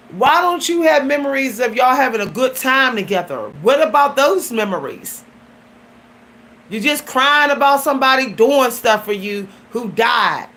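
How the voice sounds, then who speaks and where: A woman's voice: high voice, expressive, normal speed, pushed and bright. A woman vlogger giving a blunt, emphatic personal monologue that often turns preachy.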